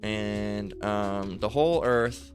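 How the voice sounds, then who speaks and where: A man's voice: lowish voice, takes it slowly, music in the background. A man preaching a fiery, profane sermon, reading scripture aloud and often breaking off with "all right?" asides. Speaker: street-style preacher.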